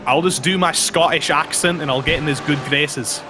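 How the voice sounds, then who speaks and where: Racing co-commentator guy, chatty and goofy, bit high voice, cars loud under him. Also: normal speed. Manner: chatty, playful, tangents. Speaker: race commentator. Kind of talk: sim racing color commentary. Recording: background race car noise.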